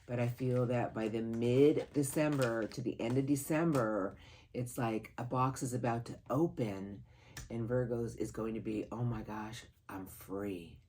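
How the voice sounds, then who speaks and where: A tarot reader giving a monthly reading to camera, earnest and encouraging, who speaks aloud to spirit guides and breaks into sudden excited, louder bursts. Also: unhurried, slight background noise. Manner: animated, sudden jumps in pitch and loudness, laughs at the cards.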